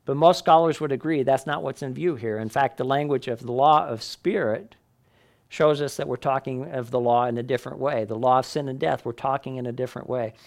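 A man's voice: medium pitch, a little fast, vocal fry, a little mellow. A man teaching a Bible class in a conversational way, often checking in with the listeners.

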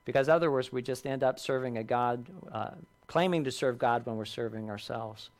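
Pastor preaching, earnest, building and dropping emphasis, mid-range voice. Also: male voice, medium pitch, moderate pace. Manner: earnest, rising in emphasis and dropping softly on key lines. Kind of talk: sermon.

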